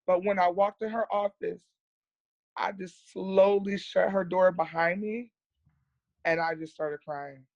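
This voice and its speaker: A woman's voice: on the low side, fairly even intonation, a little slow, darkish tone, dry recording, dull audio. An earnest woman speaks as a guest on a podcast. She tells her story candidly and plainly. She often repeats words to stress them.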